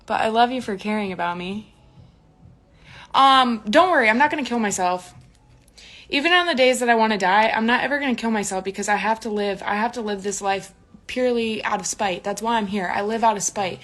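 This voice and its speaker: A woman's voice: mid-range voice, fast talker, a bit bright. A woman talking casually on a livestream from home, sarcastic and swearing freely.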